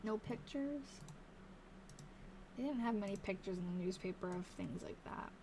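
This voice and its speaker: A woman's voice: medium pitch, normal speed, noisy background. A tired woman hosting a live stream, thinking aloud as she reads old newspaper snippets and chats to her viewers. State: tired, yawning. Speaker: live-stream host researching old diaries. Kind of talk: casual live-stream chat while reading aloud.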